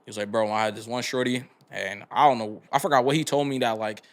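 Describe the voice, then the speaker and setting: A man's voice: mid-range voice, steady tone, fast talker. A man co-hosting a casual podcast chat, laid-back and slangy, telling stories from friends. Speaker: podcast co-host.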